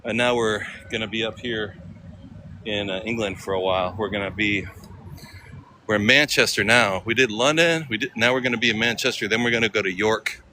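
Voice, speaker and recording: A man's voice: lowish voice, a little fast, noisy background. An American man chatting casually to his viewers as he walks city streets, rambling from one thought to the next. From United States. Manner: chatty, rambling, talks to viewers while walking. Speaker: travel vlogger. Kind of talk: casual walking vlog.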